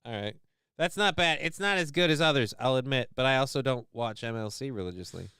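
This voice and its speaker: A man's voice: mid-range voice, expressive, a little fast, bright, forceful tone, clear, resonant tone, dry recording, clean studio sound. A man hosting a livestream, talking casually in a rambling, profane, self-mocking way. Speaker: livestream host.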